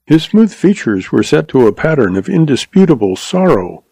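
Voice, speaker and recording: A man reading a story aloud in measured, scripted narration. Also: a little high, sing-song, creaky, mellow, breathy edge, no echo, rough recording. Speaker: audiobook narrator.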